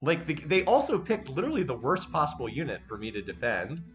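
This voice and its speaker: Frustrated let's-play commentator, slightly high voice. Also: male voice, very animated, a bit bright, soft background music. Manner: frustrated, halting, repeats himself when upset. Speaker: game streamer.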